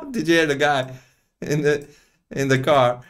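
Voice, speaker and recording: A man's voice: a little high, huge pitch swings, slow, fairly bright tone, a faint crowd, a little hiss or hum. A man hosting a reaction video, commenting casually in a profane, mocking way and laughing often.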